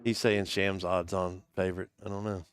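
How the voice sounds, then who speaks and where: A man's voice: sits low, level tone, normal speed. A man co-commentating a live poker stream in a laid-back, chatty way, easily impressed by the stakes.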